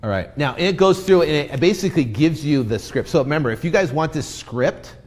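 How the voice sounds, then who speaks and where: A man's voice: a little high, brisk. A man teaching real estate investing in a live stream, acting out sales lines to a seller, with many fillers and restarts. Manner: energetic, role-plays sales scripts to a seller.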